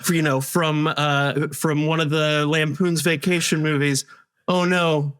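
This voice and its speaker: A man's voice: a little high, flat delivery, unhurried, fairly bright tone. A man telling a childhood story in rambling casual chat, full of fillers. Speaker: improv performer.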